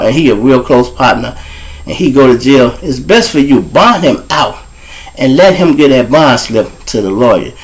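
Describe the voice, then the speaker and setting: A Chicago man with a local accent spins a profane street story for his show's listeners. His middle-pitched voice swings up and down as he gets into it. He keeps speaking straight to his audience. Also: low-quality recording. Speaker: host and storyteller.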